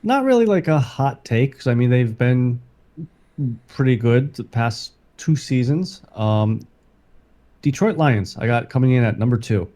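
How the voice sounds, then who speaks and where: Laid-back man with a lively voice. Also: mid-range voice, measured pace. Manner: laid-back, hesitant, with fillers. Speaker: podcast co-host. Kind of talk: casual sports podcast chat.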